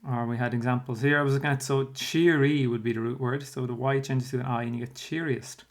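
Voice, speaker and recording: A man's voice: medium pitch, steady tone, fairly quick. A primary school teacher talks a class through a spelling workbook. He explains patiently and steadily, dropping in fillers as he thinks. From Ireland.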